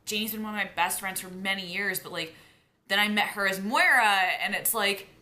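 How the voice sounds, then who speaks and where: A young woman talks to the camera in a loose, gushing way, full of "like" fillers. Her voice is bright and forward, sitting at a middle pitch for a woman. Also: fairly quick. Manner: gushing, heavy use of "like". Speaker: vlogger. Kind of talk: casual chat.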